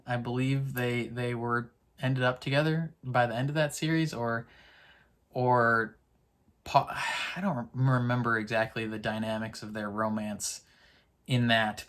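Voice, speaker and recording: A man's voice: mid-range voice, a bit bright. A man casually recapping a TV episode in a rambling, chatty way, full of fillers. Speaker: TV episode reactor.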